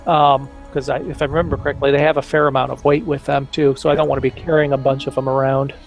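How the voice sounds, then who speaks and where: A man's voice: mid-range voice, flat delivery, fast, creaky, soft background music. A man playing a tabletop game, speaking carefully and hesitantly as he checks what his character can do. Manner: careful, hesitant, asks permission. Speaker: player. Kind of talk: casual tabletop play.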